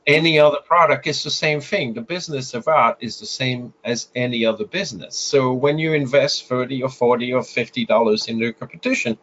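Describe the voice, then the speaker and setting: A guest photographer with a French accent gives interview advice, explaining with frequent filler sounds and restarts. His mid-range voice is fairly quick and fairly bright, with few pauses. The recording is slightly muffled lo-fi audio.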